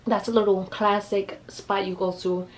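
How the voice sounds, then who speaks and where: Young woman w new telling a story to her camera, swears a lot, gets loud doing other people's lines, middle-pitched voice. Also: moderate pace. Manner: animated, profane, acts out quotes in raised voices. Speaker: vlogger. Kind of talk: casual storytime.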